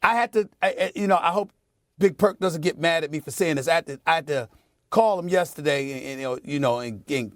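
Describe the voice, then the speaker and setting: A middle-aged man hosting a sports debate show, making his point with forceful, preachy repetition in a TV studio. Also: fairly high pitch, dry recording. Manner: emphatic and preachy, repeats phrases for effect. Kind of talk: heated on-air sports commentary.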